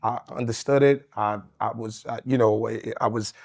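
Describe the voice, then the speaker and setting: A man's voice: lowish voice, fairly even intonation, normal speed, creaky, a little mellow. A man, a union leader in a casual interview, blunt, profane and argumentative. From Queens, New York.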